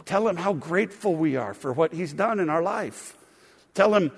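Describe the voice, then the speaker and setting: A man's voice: sits high, animated, normal speed, gravelly, breathy edge. A man preaching a sermon as pastor, reading scripture expressively with frequent fillers. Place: church sanctuary. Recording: long reverb of a large hall.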